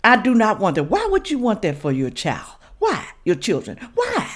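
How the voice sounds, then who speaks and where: Woman, host talking to camera, emphatic, sniffly, animated pitch. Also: normal speed. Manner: preachy and emphatic, addresses viewers as y'all. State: sniffly with sinus trouble, coughing. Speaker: reaction channel host. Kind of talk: casual direct-to-camera commentary.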